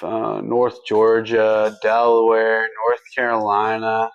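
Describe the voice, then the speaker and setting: Speaking slowly in a low, gravelly voice with a completely flat delivery, this male livestream co-host chats in a relaxed, homespun way while going through viewer comments, laughing easily. The recording is dull and has no room sound.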